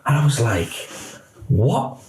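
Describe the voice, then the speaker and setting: A man's voice: medium pitch, takes it slowly. A middle-aged policeman, recounting events candidly in a podcast interview and acting out the voices he quotes. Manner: animated storyteller, acts out quoted voices. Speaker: police officer guest. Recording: echoey room.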